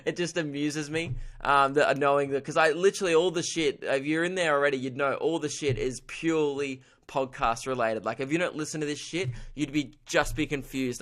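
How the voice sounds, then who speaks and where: With a fairly bright tone and a voice on the high side, this Australian man talks alone on his comedy podcast. He rambles irreverently and laughs at his own jokes.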